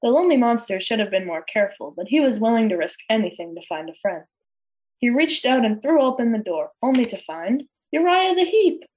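A woman reading a children's story aloud, gentle and expressive, with small stumbles. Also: fairly high pitch, a little fast. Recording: dull lo-fi recording.

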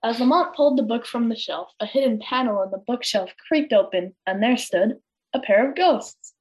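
A woman reading a children's story aloud, gentle and expressive, with small stumbles. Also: a little high, normal speed. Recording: dull lo-fi recording.

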